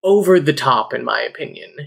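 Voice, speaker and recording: A man's voice: medium pitch, expressive, a little fast, gravelly, husky. A man chatting casually as a podcast guest, joking and swearing freely.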